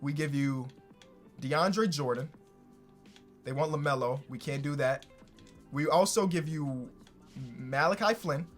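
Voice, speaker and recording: A young man and gaming YouTuber giving casual, excitable gameplay commentary that bursts into shouting when he gets thrilled. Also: fairly high pitch, a little slow, pauses often, soft background music.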